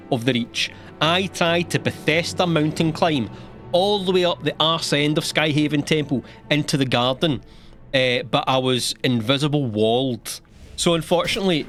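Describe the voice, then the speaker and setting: A young man rattles through a comedic game summary in a slightly high voice, dry sarcasm mixed with bursts of laughter and casual swearing. Faint music hums quietly under his narration.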